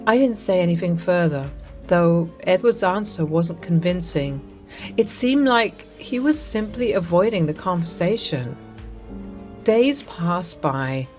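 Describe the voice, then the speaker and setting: A woman reading a first-person story with a dramatic, expressive delivery. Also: lowish voice, measured pace. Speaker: story narrator. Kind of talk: first-person scripted narration. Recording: narration over soft music.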